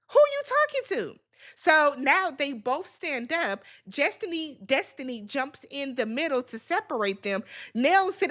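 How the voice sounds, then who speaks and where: A woman's voice: high-pitched, a bit bright. A woman hosting a reality TV recap, talking casually and bluntly, swearing freely as she gives her opinions.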